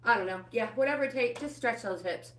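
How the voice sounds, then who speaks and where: A woman's voice: on the high side, fast talker, fairly bright tone, a little hiss or hum. A middle-aged woman hosting a live walking workout, chatty and encouraging, greeting viewers by name and slightly out of breath. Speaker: fitness livestream host. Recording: roomy indoor echo.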